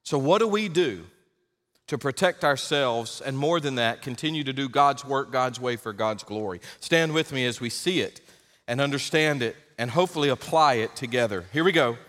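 A man's voice: mid-range voice, animated, normal speed. Emphatic man preaching in a reverberant hall. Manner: emphatic, rising to loud exhortation. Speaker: pastor. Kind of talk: sermon.

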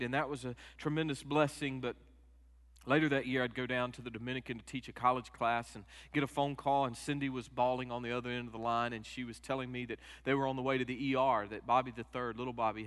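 A middle-aged man preaching a sermon, moving from quiet personal stories to loud, emphatic peaks. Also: medium pitch. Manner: emotional storytelling, rising to loud emphatic peaks. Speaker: pastor. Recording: long hall reverb.

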